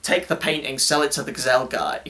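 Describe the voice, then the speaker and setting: A man's voice: mid-range voice, fairly even intonation, fast talker, sharp tone. A man co-hosting a casual chat, talking loosely, laughing often, swearing and mimicking characters. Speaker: co-host.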